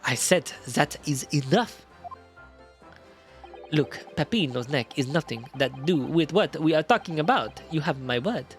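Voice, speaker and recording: A curt boss cuts people off with firm, clipped lines, as a man puts him on. The put-on stays steady, and soft music plays underneath. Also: on the high side, a little slow. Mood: stern.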